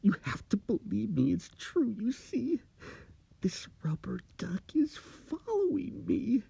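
A man's voice: fairly high pitch, lively intonation, slow pace, gravelly, dark tone, breathy edge, no room sound, voice pushed up, heavily acted. A man voicing a frightened, giggling man haunted by something, in a spooky story, speaking in a panicky, manic rush. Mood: frantic. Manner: panicky, manic, breathless pleading.

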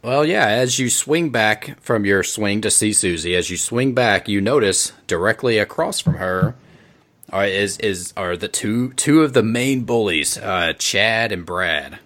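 Low-voiced man running a tabletop game. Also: unhurried. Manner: relaxed, chatty, joking. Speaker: game master.

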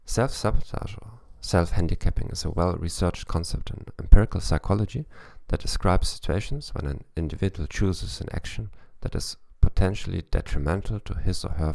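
A man with a German accent reads a scripted podcast monologue in a measured, lecturing way. His voice sits very low and has a gravelly edge. The recording is dry, with no room sound. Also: dark tone, no echo. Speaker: podcast host.

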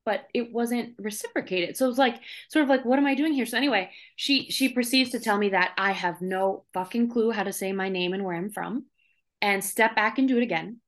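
Animated woman telling a story. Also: mid-range voice, brisk. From Minnesota, USA. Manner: animated storyteller, lively and emphatic. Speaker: guest actor. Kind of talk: casual podcast interview.

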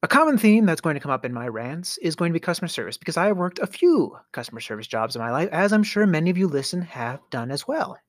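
Middle-aged guy ranting on his podcast, super animated pitch, theatrical sighs and stammers, dry close sound. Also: fast talker, hardly any pauses, dry recording. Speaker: podcast host. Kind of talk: storytelling rant.

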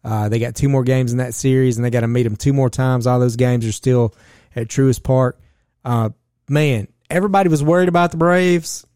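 Laid-back podcast host, mellow voice. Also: male voice, mid-range voice, smooth, no room sound, clean studio sound. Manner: laid-back, talks baseball excitedly. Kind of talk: casual podcast chat.

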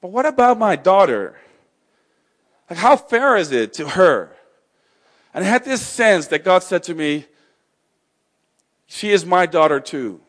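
A middle-aged man speaking to an audience about faith, in a loose, conversational way. His voice sits a little high for a man. He often restarts his sentences and drops in small jokes. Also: sing-song, a little slow, pauses often, fairly bright tone. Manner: conversational, self-interrupting, joking asides. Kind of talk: talk on faith and suffering.

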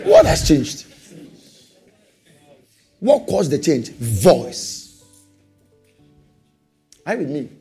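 Brief: lively male preacher, high husky voice, hammering rhetorical questions, quick to laugh. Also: soft background music. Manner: animated, repeats rhetorical questions, laughs often. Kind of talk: sermon.

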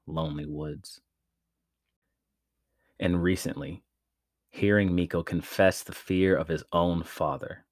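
A man reading a story aloud as a podcast narrator, in a measured, dramatic way. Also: low voice, dry recording, studio quality.

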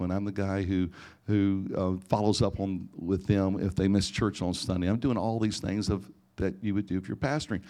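Low-voiced middle-aged male pastor preaching. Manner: animated, rising to near-shouting in emotional parts, frequent restarts. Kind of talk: storytelling sermon. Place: church or conference hall before a live audience.

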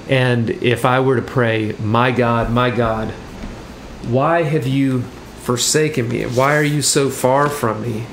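A man leads an evening sermon, reading long scripture passages and then explaining them. His voice sits at an ordinary pitch, and his delivery is measured with small halting restarts. A faint ambient hum is heard behind him. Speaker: pastor.

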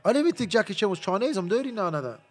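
A man hosting a podcast in rowdy, casual banter, swearing a lot, stammering, repeating "listen" and laughing loudly. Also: high-pitched, big pitch swings, racing, slightly rough, soft background music. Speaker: podcast host.

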